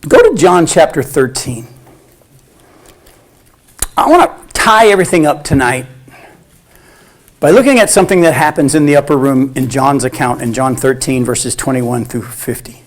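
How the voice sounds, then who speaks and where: A man's voice: mid-range voice, normal speed, long pauses. A man teaching a Bible study in sermon style, acting out quoted voices as he goes. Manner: animated, acts out quoted voices.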